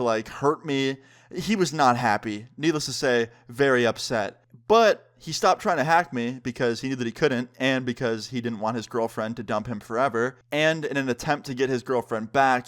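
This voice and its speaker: A man's voice: mid-range voice, a bit bright. A man telling a story time on his vlog, casual and joking, swearing freely. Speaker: vlogger.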